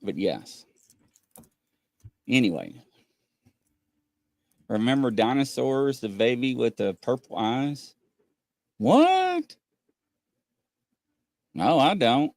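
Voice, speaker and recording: A man with a lively, swooping voice chats casually on a livestream with a lilt, laughing and acting out little exchanges. The sound is dry and close, with no room echo. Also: takes it slowly, vocal fry, pauses often. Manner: animated, laughing, acts out quoted exchanges in a higher voice. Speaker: livestream co-host.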